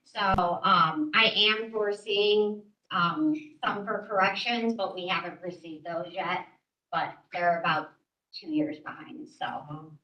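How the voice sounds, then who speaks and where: A woman's voice: medium pitch, takes it slowly, pushed and bright. A woman from a sheriff's department presenting a funding request at a council meeting, hesitant with many ums. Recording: echoey room, distant mic, faint noise.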